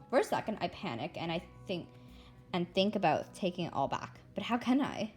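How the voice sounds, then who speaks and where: A woman reading a children's novel aloud, telling the story in the first person as a young girl. Her voice sits on the low side and rises and falls a lot as she reads expressively, with faint background music underneath. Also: sing-song, a little fast, a little mellow. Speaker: read-aloud narrator.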